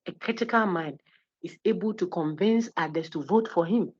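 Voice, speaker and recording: A woman giving a university lecture, animated and teasing, acting out little quotes as she goes. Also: fairly low pitch, moderate pace. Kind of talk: lively classroom lecture. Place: lecture hall. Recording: husky, dull lo-fi lecture recording.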